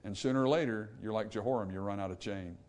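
Brief: male pastor, fiery sermon delivery that drops to hushed pleading. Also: on the low side, quick pace. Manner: fiery, swinging from loud emphasis to hushed pleading. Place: church sanctuary.

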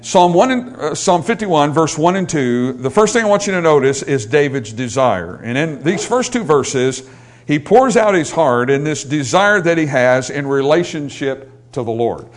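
A man's voice: a little high, expressive, moderate pace. A male pastor preaching a sermon, building in intensity and pleading when he quotes scripture.

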